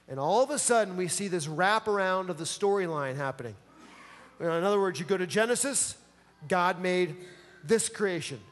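A man's voice: high-pitched, in a large hall. A man preaching a sermon in a casual, enthusiastic, slangy way. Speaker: pastor.

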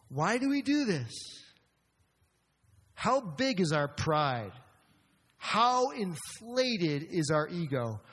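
High-voiced pastor preaching in a reverberant hall. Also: male voice. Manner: animated, rising to emphatic outbursts. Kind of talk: sermon. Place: church sanctuary. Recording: long reverb of a church hall.

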